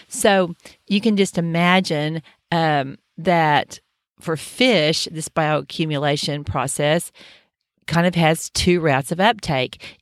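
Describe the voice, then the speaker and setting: A woman's voice: low-pitched, dry recording, clean studio sound. A middle-aged woman giving an informal health talk in a conversational, reassuring way, with frequent fillers. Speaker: health educator.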